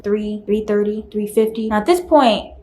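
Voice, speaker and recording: A young woman vlogger telling a storytime, animated, acting out quoted voices. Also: medium pitch, moderate pace, a little hiss or hum. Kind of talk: casual storytime chat. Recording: echoey room.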